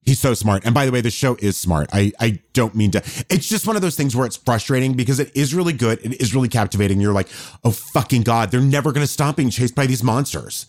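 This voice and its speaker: A man's voice: medium pitch, expressive, fast talker, few pauses, darkish tone, no room sound, clean studio sound. A man co-hosting a casual chat podcast. He talks animatedly, swears freely and retells scenes by acting out the characters' voices. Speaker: podcast co-host.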